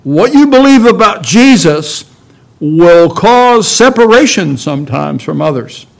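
A man delivering a sermon at an unhurried, measured pace. His voice sits a little above the usual male range, and he leans hard on key words and asks his listeners question after question. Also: high-pitched, big pitch swings, vocal fry. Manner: emphatic, rhetorical questions, slow deliberate delivery. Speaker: pastor.

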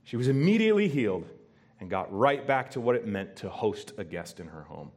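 A man's voice: lowish voice, brisk. Emphatic male pastor preaching a sermon. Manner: animated, emphatic, asks the congregation questions. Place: church before a congregation.

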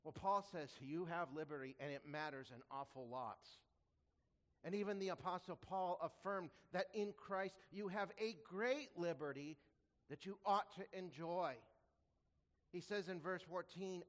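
A man preaching a sermon as a pastor, earnest, asking rhetorical questions and slowing down to stress quoted scripture. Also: fairly high pitch, fairly bright tone, long reverb tail. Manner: earnest, rhetorical questions, slows for emphasis when quoting scripture.

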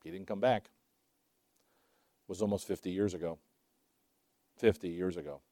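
A preaching man in his sixties who asks rhetorical questions and swings between loud emphasis and hushed asides. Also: deep voice, unhurried, dry recording, clean studio sound. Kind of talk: sermon.

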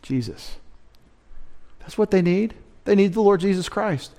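A man's voice: high voice, expressive, unhurried, vocal fry, dark tone. A man preaching a midweek sermon as pastor, emphatic, asking rhetorical questions and quoting scripture.

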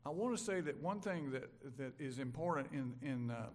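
An older man from Mississippi, preaching a conversational sermon that moves from loud emphasis to quiet asides. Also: mid-range voice, lively intonation, normal speed. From Mississippi, USA. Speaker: pastor.

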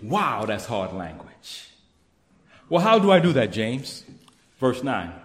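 A man pastor preaching a sermon, with emphatic rising bursts and quick asides. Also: lowish voice, sing-song, roomy sound. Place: church sanctuary.

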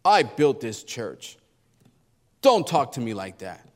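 A man's voice: mid-range voice, very animated, takes it slowly, in a large hall, voice pushed down. A man voicing a proud, hot-tempered man who rants angrily at being disrespected. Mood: indignant. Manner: angry, blustering rant.

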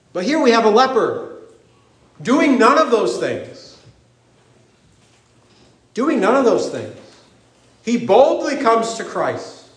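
High-voiced man preaching in echoey church. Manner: animated preaching, acting out voices in the story. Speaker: pastor. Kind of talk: sermon. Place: church sanctuary.

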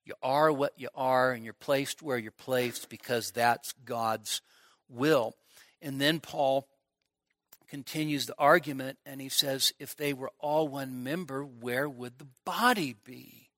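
A man's voice: mid-range voice, unhurried, fairly bright tone, dry recording, studio quality. A middle-aged man preaching an expository sermon at a midweek church service, emphatic, often repeating words as he builds a point. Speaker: pastor.

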